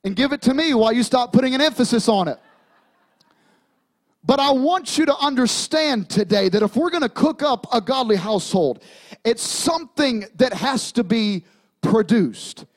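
A man's voice: very high voice, expressive, normal speed. A man, preaching a sermon in a church sanctuary, with humor and emphatic repetition. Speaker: pastor.

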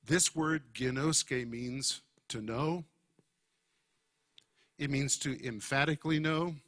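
A man teaching a sermon to a congregation, speaking emphatically and deliberately and stressing key words. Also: medium pitch, fairly bright tone. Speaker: Bible teacher.

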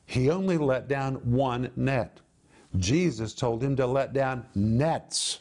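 A man's voice: mid-range voice, animated, slow pace, a little mellow. A man giving an emphatic televised Bible teaching, stretching out key words and explaining Greek word meanings.

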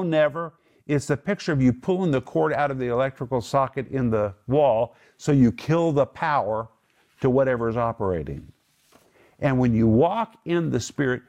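A man's voice: medium pitch, darkish tone. A man teaching the Bible to a small group, emphatic, lifting his voice to stress his points.

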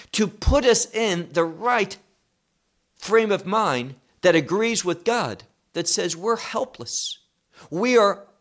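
A man's voice: sits high, fairly bright tone. A man giving a Bible teaching, emphatic and posing rhetorical questions he then answers.

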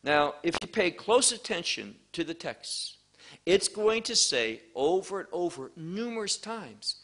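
Slow, emphatic male preacher. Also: high voice, sing-song, fairly bright tone. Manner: slow, emphatic preaching with rhetorical questions and pauses. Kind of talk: sermon.

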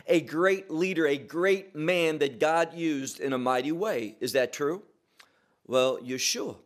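Slow, deliberate male Bible teacher. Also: on the high side. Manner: slow and deliberate, stressing single words.

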